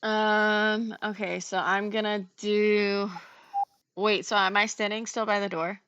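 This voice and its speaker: A woman's voice: mid-range voice, little pitch movement, slow pace, fairly bright tone, clear, resonant tone, no echo, dull audio. A woman playing a tabletop game, hesitant and thinking aloud. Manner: hesitant, many fillers. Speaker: player.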